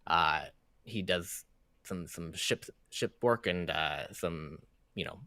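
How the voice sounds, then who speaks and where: A chatty, folksy dwarf foreman, as a man puts him on in a tabletop game, rambling through his words with lots of fillers. The voice sits fairly low and sounds close and dry, with no room around it. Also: takes it slowly, bright, forceful tone, no room sound, exaggerated voice.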